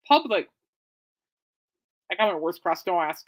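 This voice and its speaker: A woman hosting her own podcast, rambling casually and excitably, often correcting herself. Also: fairly high pitch, normal speed, pauses often. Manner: chatty, excitable, self-correcting. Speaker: podcast host.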